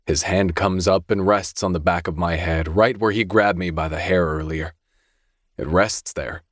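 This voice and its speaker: A man narrating a dark romance audiobook in first person, measured and introspective. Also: low voice, dry recording, studio quality.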